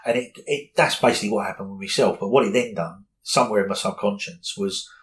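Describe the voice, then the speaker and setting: A man's voice: on the low side, fast, rough recording. A man, speaking candidly and earnestly as an interview guest, often repeating words as he goes. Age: 40s.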